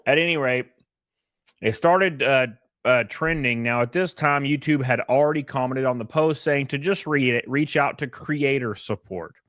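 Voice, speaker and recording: A man's voice: mid-range voice, normal speed, fairly bright tone, no echo, studio quality. A man with a Southern accent, recounting his grievances in an online video. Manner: aggrieved storytelling, recounting complaints. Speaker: content creator.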